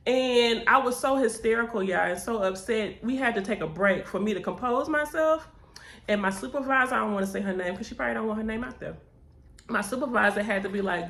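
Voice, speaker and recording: Recorded in an echoey room at her cousin's house, a young adult woman vlogger talks a little fast in a fairly high, creaky voice. She shares her story candidly and animatedly, calling out "baby" and "child."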